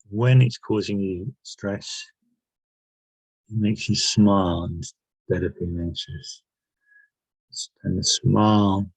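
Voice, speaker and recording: A man leads a guided self-help session, posing one reflective question after another and often pausing to restart his sentences. His voice is husky and lowish, and he speaks very unhurriedly. The sound is close and dry. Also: darkish tone, dry recording, poor audio. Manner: reflective, asks many questions, pauses and restarts. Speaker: workshop leader.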